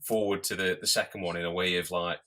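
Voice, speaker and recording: A man's voice: sits low, little pitch movement, fast, fairly bright tone. A man co-hosting a podcast, chatting casually and laughing often. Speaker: podcast co-host. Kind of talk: casual chat.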